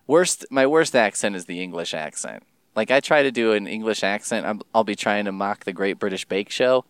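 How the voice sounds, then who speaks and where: A man rambling casually in a solo podcast monologue, swearing and jumping his pitch for emphasis. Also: moderate pace, smooth, no room sound.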